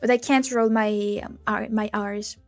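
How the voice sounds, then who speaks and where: A woman's voice: mid-range voice, fairly even intonation, unhurried, soft background music. A woman, a guest chatting casually on a stream, playful and giggly as she searches for her words. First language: French. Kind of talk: casual chat.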